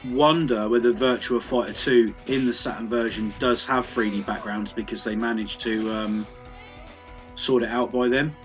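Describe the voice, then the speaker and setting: A man's voice: medium pitch, fairly even intonation, normal speed, faint music behind. A man in casual chat, explaining retro console details hesitantly with frequent fillers. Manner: knowledgeable, hesitant with fillers, laughs often.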